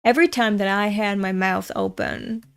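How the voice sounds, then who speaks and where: A woman's voice: medium pitch, steady tone, moderate pace, gravelly, clear, resonant tone. A woman host chatting casually during a manga read-along, rambling off on tangents, swearing freely and talking to her viewers. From Europe. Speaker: manga reader and channel host.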